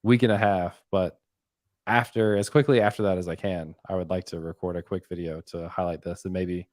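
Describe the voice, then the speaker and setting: A man's voice: sits low, fairly even intonation, fairly quick, darkish tone, no echo, studio quality. A man hosting a live stream, chatting casually and rambling with frequent "um"s and "like"s. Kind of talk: casual chat.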